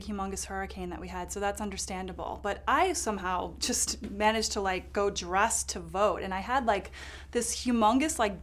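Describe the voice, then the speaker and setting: An actress playing a ditzy, self-absorbed lifestyle correspondent in a comedy sketch, rambling through a story with lots of fillers. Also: female voice, on the high side, close to an everyday voice. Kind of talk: improvised comedy sketch monologue.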